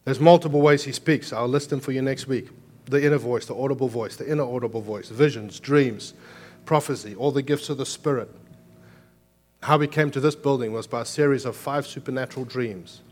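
Earnest preaching man. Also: mid-range voice. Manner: preaching with emphatic raised passages and quieter earnest stretches. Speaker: pastor. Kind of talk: sermon.

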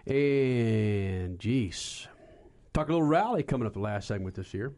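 A man's voice: lowish voice, expressive, a little slow, a little mellow. A man hosting a motorsports radio talk show, brash and joking, stuffed up with a head cold.

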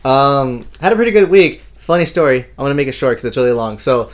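A man's voice: mid-range voice, lively intonation, fast talker. A young man co-hosting a casual podcast, telling a long anecdote full of quoted exchanges. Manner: storytelling, quoting people. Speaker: podcast co-host. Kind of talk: casual chat.

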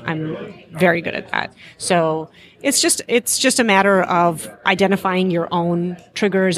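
A woman in her forties, a physician and guest, chatting casually with frequent fillers and easy laughter. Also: lowish voice. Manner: relaxed, laughs easily, many fillers. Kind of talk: casual interview chat.

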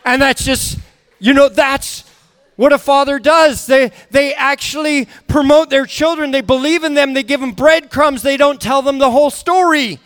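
A man's voice: very high-pitched, fairly even intonation, normal speed, fairly bright tone. A man preaching a sermon as a guest speaker, telling family stories with acted-out dialogue and frequent restarts. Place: church hall. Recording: echoey hall.

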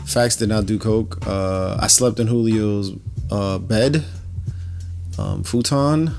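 A man's voice: lowish voice, slow, vocal fry, a little mellow, faint music behind. A man co-hosting a podcast, rambling with lots of fillers and laughs. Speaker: podcast co-host. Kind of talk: casual banter.

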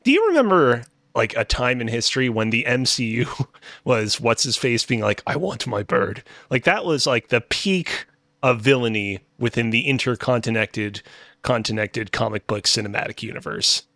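Guest guy on a podcast, chatty, bright kinda sharp voice, dry mic. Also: mid-range voice, animated, moderate pace, dry recording. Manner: chatty, riffing. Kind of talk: casual podcast chat.

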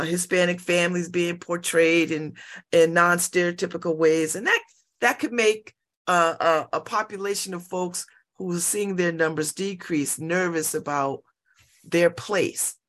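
A woman hosting a radio interview, asking thoughtful questions in a halting way with many fillers and restarts. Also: lowish voice, fairly bright tone.

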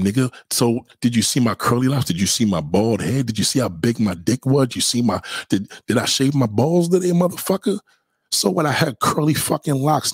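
Brooklyn man, husky, profane roast-style livestreamer. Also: medium pitch, no echo. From Brooklyn, New York. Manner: profane, mocking, loud bursts of insults. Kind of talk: trash-talking livestream rant.

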